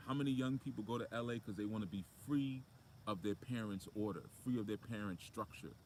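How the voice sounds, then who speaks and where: A man's voice: on the low side, a little fast, slight background noise. A man, a spiritual motivational speaker, talking outdoors in a casual, preachy way with lots of fillers. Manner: conversational, preachy, with frequent fillers.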